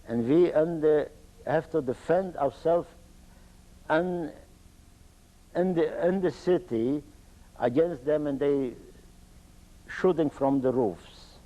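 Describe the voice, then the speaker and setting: An older man from Poland with an Eastern Polish accent, telling his own life story in halting, broken English. He often stops and restarts his sentences. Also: medium pitch, warm tone, poor audio. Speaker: interviewee. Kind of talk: oral history testimony.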